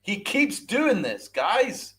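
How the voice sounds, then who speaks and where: Fired-up ranting man, high lively voice. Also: takes it slowly. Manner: ranting, repeats himself, swears, asks rhetorical questions. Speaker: podcast host. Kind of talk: angry sports rant with live chat.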